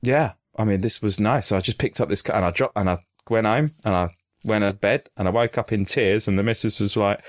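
A deep-voiced man rambles through a crude anecdote on a podcast call, jokey and loose. His voice is dry and close to the mic, with no room sound. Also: brisk, a bit bright, no echo. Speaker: podcast co-host. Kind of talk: casual storytelling chat.

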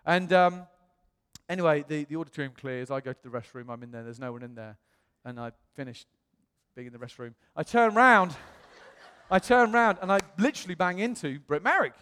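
British male pastor, fairly high voice, lively storyteller, long hall reverb. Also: fairly quick, clean tone. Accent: British English. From England. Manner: animated, acts out quoted voices. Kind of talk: storytelling sermon.

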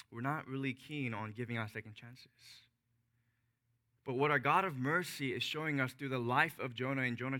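Bright-voiced man preaching a sermon. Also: medium pitch. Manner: emphatic, dropping soft and slow on key phrases. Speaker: pastor.

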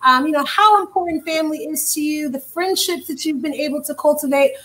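A woman's voice: high voice, fairly quick, fairly bright tone, low-quality recording. A young woman co-hosting an interview, asking questions in an earnest, encouraging way. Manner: earnest, encouraging, faith-minded phrasing. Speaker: co-host.

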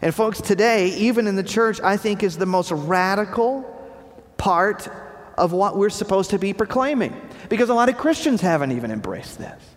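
Male pastor, high voice, preaching with emphatic repetition, dropping low at phrase ends; recorded in a reverberant hall. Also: lively intonation, normal speed. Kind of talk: sermon. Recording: long reverb of a large hall.

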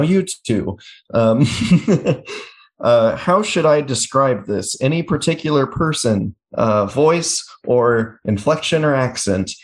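A man co-hosting a casual podcast chat, rambling and joking as he describes a show character. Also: mid-range voice. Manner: rambling, self-interrupting, jokey. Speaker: podcast co-host.

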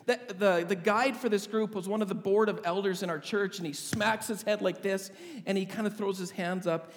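Man, high voice, pastor, funny vivid storytelling sermon, long hall reverb. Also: steady tone, moderate pace.

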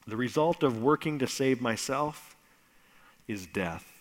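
A man preaching a conversational sermon that builds to loud, emphatic bursts. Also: medium pitch, lively intonation, measured pace. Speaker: pastor. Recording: echoey hall.

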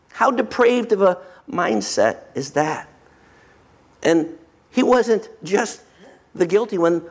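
Brief: male pastor, slightly high pitch, emphatic delivery that drops to a hush. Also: slow pace, long pauses. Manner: emphatic, swings from animated to hushed. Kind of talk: sermon.

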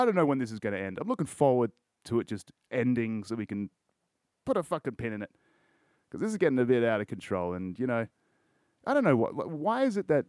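A man's voice: medium pitch, darkish tone, no echo, clean studio sound. An Australian man hosting a solo podcast, rambling in casual chat with lots of swearing and crude jokes. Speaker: podcast host.

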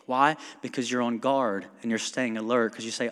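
A man's voice: mid-range voice, fairly even intonation, normal speed, few pauses, fairly bright tone, clean tone. Man preaching in a reverberant church. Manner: casual storytelling, quoting others and asking the crowd. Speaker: pastor. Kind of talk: conversational sermon. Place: church sanctuary. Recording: long church hall reverb.

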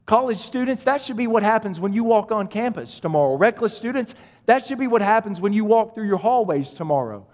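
Guy preaching, high voice, lots of repeating himself, big echoey hall. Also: expressive, fairly quick, a little mellow, muffled recording. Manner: preaching with emphatic repetition and direct address. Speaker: pastor. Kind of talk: sermon. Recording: long hall reverb.

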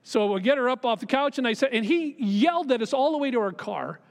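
A middle-aged man, a pastor, preaching a sermon and telling a personal story, moving between quiet asides and emphatic raised lines. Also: very high voice, animated, quick pace, creaky. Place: church sanctuary. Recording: long hall reverb of a church.

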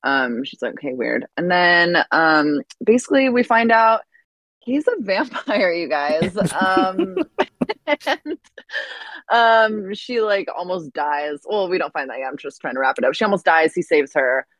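A woman's voice: on the low side, expressive, measured pace, fairly bright tone, no echo, poor audio. A woman co-hosting a podcast, recapping a plot with enthusiasm and frequent laughs. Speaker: podcast co-host. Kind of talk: casual podcast chat.

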